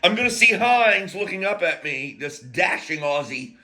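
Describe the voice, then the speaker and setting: A man's voice: high-pitched, animated, normal speed, bright, forceful tone. An American man telling a rambling, profane story in a casual monologue, full of jokey asides and broken-off sentences. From United States.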